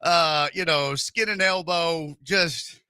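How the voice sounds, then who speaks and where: Smooth and fairly high-pitched, a radio host talks at a slow pace in a clean studio with no room sound. He tells a joking story in a casual, animated way, doing the voices of the people in it.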